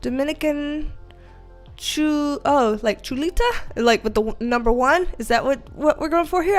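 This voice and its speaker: Giggly high-voiced woman streaming. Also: normal speed, soft background music. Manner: giggly, chatty, swears freely, greets viewers with bursts of high excitement. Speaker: livestream host, tarot reader. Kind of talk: casual livestream chat reading comments.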